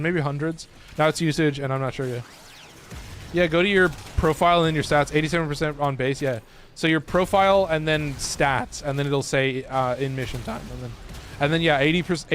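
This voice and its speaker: A man's voice: a little high, fairly bright tone, slight background noise. A man with a Californian accent chatting loosely and swearing while streaming a game. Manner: loose and joking, swears often. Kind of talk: casual live-stream chat while gaming.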